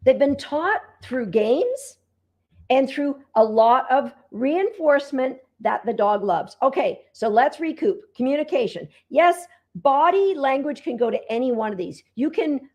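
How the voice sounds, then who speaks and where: A woman's voice: high voice, lively intonation, unhurried, warm tone. A woman dog trainer giving an upbeat online lesson from home, talking to her dogs as she teaches.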